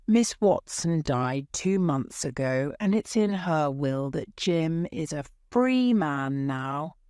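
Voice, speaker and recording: A woman voicing an excited, bold young boy in a storybook reading. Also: sits low, slow, clean tone, dry recording, studio quality.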